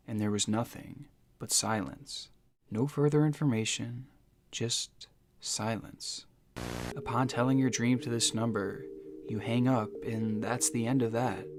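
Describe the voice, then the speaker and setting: A man giving scripted, suspenseful mystery narration, measured and slowing down for dramatic phrases. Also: mid-range voice. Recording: narration over music.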